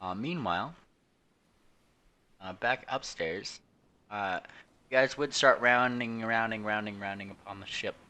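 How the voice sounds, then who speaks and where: A man's voice: fairly low pitch, a little slow, pauses often, pushed and bright. A man running a tabletop game as game master, narrating with many hesitations. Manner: hesitant, full of fillers, laughs often.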